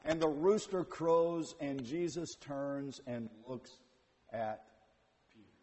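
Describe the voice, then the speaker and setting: A man preaching a sermon, retelling scripture with dramatic swings from hushed to loud. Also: on the high side, takes it slowly. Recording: long hall reverb.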